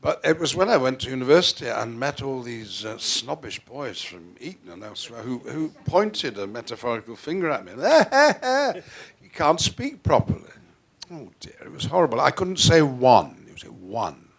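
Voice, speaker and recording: Speaking brisk and expressive, with vocal fry and hardly any pauses, an older guest actor from Northwest England gives an onstage interview before a theatre audience. His medium-pitched Received Pronunciation carries faint northern traces, and he plays it theatrical, restarting often and lurching between soft and loud.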